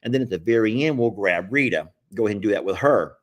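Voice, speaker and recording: A man's voice: fairly low pitch, animated, quick pace. A middle-aged man with a drawl hosts his live stream. He talks in a folksy, meandering way and chuckles often. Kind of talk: casual live-stream chat.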